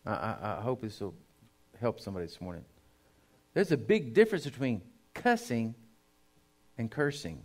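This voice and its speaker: A man, a pastor, preaching a sermon to his congregation. He speaks emphatically, dropping to a hush and then rising loud, and addresses the listeners directly. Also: mid-range voice, sing-song, normal speed, long pauses. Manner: emphatic preaching, swinging between hushed and loud.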